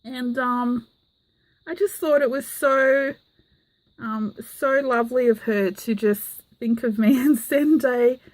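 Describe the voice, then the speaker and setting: A woman with a higher-pitched voice speaks slowly, with no echo. She's a craft vlogger gushing enthusiastically, full of "um" fillers, as she shows off mail she received in a casual show-and-tell vlog.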